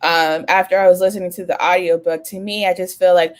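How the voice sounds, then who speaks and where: A woman's voice: lowish voice, steady tone, fairly quick. Chatty laughing woman podcast co-host. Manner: chatty, laughs easily, restarts and trails off. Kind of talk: casual podcast chat.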